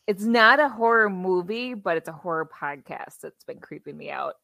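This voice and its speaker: A woman's voice: lowish voice, animated, moderate pace, gravelly, sharp tone, dry recording. A woman on a podcast panel casually and enthusiastically recommending things, with a teasing streak. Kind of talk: casual chat.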